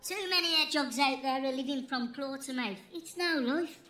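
A woman's voice: sits high, moderate pace, sharp tone. A woman doing a coarse hedgehog. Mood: chummy. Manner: chummy, coarse, sly. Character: crude scheming male hedgehog con artist. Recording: roomy, noisy recording.

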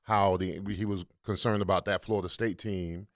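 Male sports-talk co-host, very low voice, blunt. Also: steady tone, normal speed, no echo, clean studio sound. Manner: blunt, dismissive. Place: radio studio.

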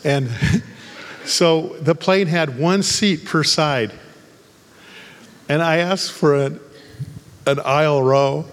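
A male pastor preaches from the pulpit, swinging from joking travel stories into fervent, angry appeals for healing. His voice sits a little high for a man. The sound rings with the long reverb of a church hall. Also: slow pace, long pauses. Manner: humorous storytelling turning to fervent, angry exhortation. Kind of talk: sermon.

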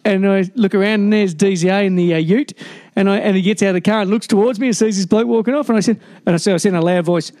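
A man's voice: high-pitched, fast talker, a little mellow. An older Australian man co-hosting a radio show, telling a rambling story and acting out the voices in it. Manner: rambling anecdotal, acts out quoted voices. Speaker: radio co-host. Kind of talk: casual radio chat, storytelling.

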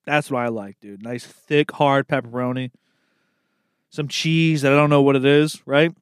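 A man's voice: mid-range voice, steady tone, moderate pace, clear, resonant tone, dry recording, clean studio sound. A young man riffing comedically on his own, rambling and profane, calling everyone dude and laughing at his own jokes.

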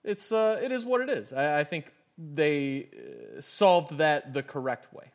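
Animated, lively-pitched male podcast co-host. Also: a little slow. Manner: animated, restarts often, laughs easily. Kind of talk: casual chat.

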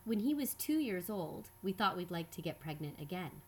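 A woman telling a personal story in scripted narration, measured and reflective. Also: fairly low pitch, very animated, slight background noise. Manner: measured, reflective, quietly earnest.

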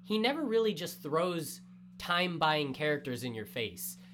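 A man co-hosting a casual anime review chat, talking in animated bursts with quick asides. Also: a little high, a little hiss or hum. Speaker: podcast co-host.

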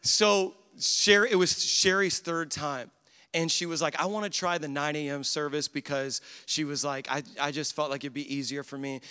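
A man preaching a sermon as pastor, energetic and joking with the congregation. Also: on the high side, normal speed, clear, resonant tone. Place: large church hall with congregation. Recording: live church sound with long reverb.

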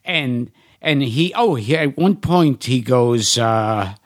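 A middle-aged man, a podcast guest, telling animated anecdotes in casual chat. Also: medium pitch, takes it slowly.

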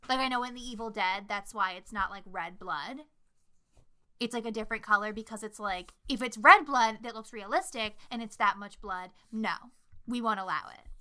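A young woman co-hosting a casual horror movie podcast, swearing freely and telling scenes with lively, shouted impressions. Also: medium pitch, normal speed. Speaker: podcast co-host.

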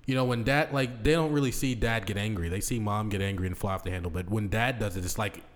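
Male podcast co-host, lowish voice, relaxed rambling chat. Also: fast talker. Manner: laid-back, rambling with fillers. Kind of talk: casual chat.

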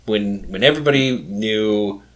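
Slow, laid-back man hosting a quiz. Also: lowish voice, crowd noise. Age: 40s. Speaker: quiz host. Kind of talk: casual podcast quiz chat.

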